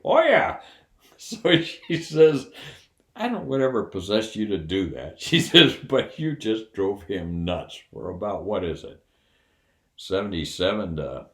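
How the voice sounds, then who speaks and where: A man's voice: fairly low pitch, fairly bright tone, reverberant. An older man casually telling a funny personal story, acting out the other people's voices and laughing along as he goes. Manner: folksy, laughs while telling.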